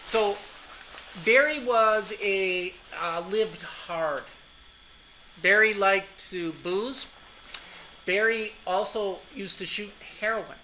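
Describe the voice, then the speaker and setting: A man's voice: sits high, takes it slowly, bright, forceful tone, slight background noise, low-quality recording. A man teaching an anatomy class, telling a long anecdote in a chatty way, often asking "right?" and laughing at his own jokes. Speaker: college anatomy instructor. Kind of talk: lecture anecdote.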